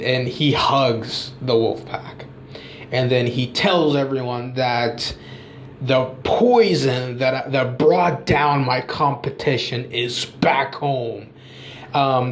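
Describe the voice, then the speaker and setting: A man casually pitching his own version of a wrestling storyline, rambling and leaning heavily on "you know" fillers. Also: reverberant, a little hiss or hum. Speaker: wrestling fan vlogger. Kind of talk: casual chat.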